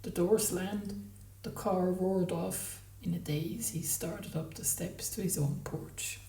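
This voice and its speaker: A woman reading a novel aloud in measured narration, then commenting on it haltingly as a book podcaster. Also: on the low side, steady tone, dark tone, distant mic. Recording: roomy, from the mic.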